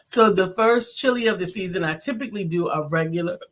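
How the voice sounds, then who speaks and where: A woman's voice: fairly low pitch, brisk. A woman, from the Bronx, co-hosting a casual live stream, chatting, laughing and reading viewer comments aloud. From the Bronx, New York. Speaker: co-host.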